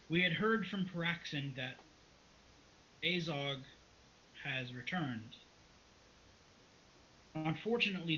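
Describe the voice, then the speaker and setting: A man's voice: on the high side, bright, forceful tone, slight background noise. A man voicing a nervous court clerk who stammers and hesitates, in a tabletop role-play. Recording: dull lo-fi recording.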